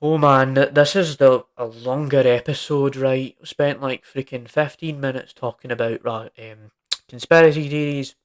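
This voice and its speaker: A young man with a mid-range voice and fairly even intonation hosts his own podcast at a moderate pace. His solo rant is rambling, emphatic and informal, packed with "like" and "right?".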